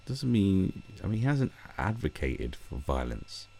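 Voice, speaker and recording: A British man hosts a livestream from home, fiddling with a screwdriver as he reads news articles aloud and riffs on them in a casual, sweary, exasperated rant. His voice sits low with big pitch swings, a little slow, gravelly and mellow with a breathy edge.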